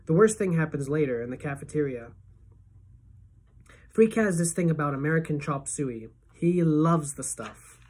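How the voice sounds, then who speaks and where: A woman teacher reading a novel aloud to her class as a first-person narrator, steady and expressive. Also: low voice, normal speed, slightly rough.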